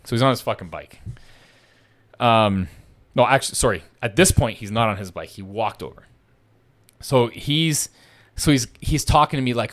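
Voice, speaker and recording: A young man with a mid-range voice tells a story at normal speed in a casual podcast chat, taking long pauses. He swears a lot and animatedly acts out other people's lines.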